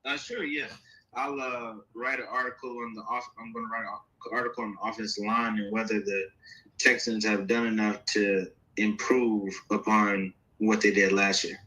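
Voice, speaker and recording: Bright-voiced man, a guest reporter. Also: lowish voice, little pitch movement, normal speed, dull audio. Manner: brief, plain answers with some hesitation. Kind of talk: brief call-in chat.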